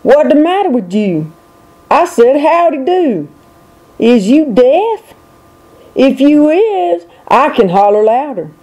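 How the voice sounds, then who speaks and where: A cocky, hot-tempered male rabbit, as a woman reading aloud puts him on, hollering loud and indignant, pitched up high above her usual voice. Her tone stays soft and mellow under the shouting. A storybook telling. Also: expressive, measured pace.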